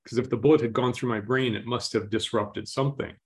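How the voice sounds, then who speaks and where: A man telling a story as an interview guest, speaking slowly and calmly and clearing his throat often. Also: medium pitch.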